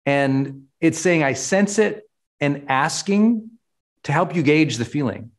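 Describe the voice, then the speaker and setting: A middle-aged man giving a motivational talk as a personal development coach, stressing key words by slowing down. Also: a little high, lively intonation.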